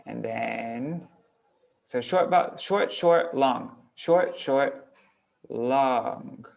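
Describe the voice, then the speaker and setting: A man leads an online lesson on verse meter in a relaxed, thinking-aloud way, working on screen as he goes. His voice has a gravelly edge, and every so often he chants syllable patterns out loud. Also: medium pitch, very slow. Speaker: kirtan teacher.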